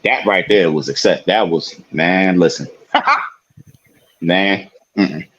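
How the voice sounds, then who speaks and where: Husky-voiced man telling stories casually. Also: low voice, slow, a bit bright, lo-fi sound. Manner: loose storytelling, laughs often, profane. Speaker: podcast co-host. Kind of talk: casual chat.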